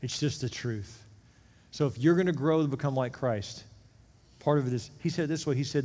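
A man preaching a sermon as pastor, animated, swinging between loud emphasis and hushed intensity. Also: mid-range voice, fairly quick. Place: church sanctuary. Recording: reverberant hall.

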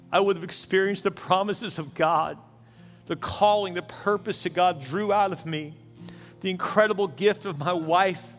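A middle-aged man preaching a sermon as pastor, telling a personal story in an earnest way and often repeating words as he goes. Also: a little high. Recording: long hall reverb with faint music.

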